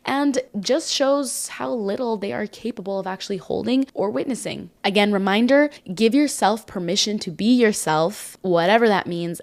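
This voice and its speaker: A woman's voice: medium pitch, vocal fry. Chatty young woman hosting a podcast. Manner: chatty and encouraging, many "like" fillers. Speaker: podcast host. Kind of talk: casual solo podcast monologue.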